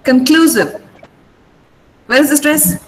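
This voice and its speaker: A middle-aged woman with an Indian English accent teaching pronunciation online, patiently repeating words slowly over a video call. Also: a little high, lively intonation, pushed and bright, low-quality recording. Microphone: computer mic on a video call.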